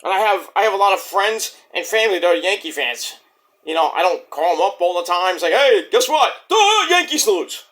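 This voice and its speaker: A man's voice: high voice, fast talker, fairly bright tone. A man, ranting bluntly and profanely in a rambling casual monologue as a vlog host.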